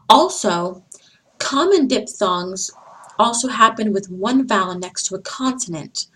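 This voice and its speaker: A woman teaches vowel sounds over slides, and she speaks at a very slow and careful pace. She says each example word clearly and repeats the sounds so listeners can follow. Her pitch sits in a middle range. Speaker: English teacher. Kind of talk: slide-based phonics lesson.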